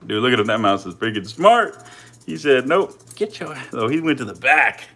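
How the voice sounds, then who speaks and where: A man's voice: medium pitch, expressive, a little fast, bright, forceful tone. A man casually chatting to his live-stream viewers and his snakes while feeding them, in slangy, swearing talk. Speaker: reptile keeper streaming live. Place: indoors by snake enclosures.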